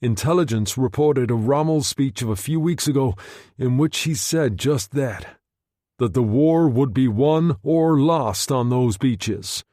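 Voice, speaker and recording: A man's voice: mid-range voice, animated, a little slow, mellow, no echo, clean studio sound, close to an everyday voice. Man voicing an agitated commanding general. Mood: grave.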